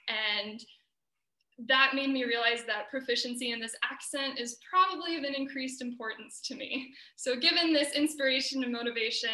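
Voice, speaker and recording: A woman's voice: on the high side, bright, forceful tone, reverberant, rough recording. A young American woman giving an earnest, explanatory student presentation over a video call. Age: young adult.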